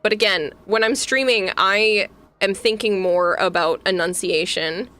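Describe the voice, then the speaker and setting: A young woman with a Boston accent chats casually with her stream. Her voice is bright, and she giggles often while answering chat. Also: medium pitch, measured pace. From Massachusetts, USA. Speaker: VTuber streamer.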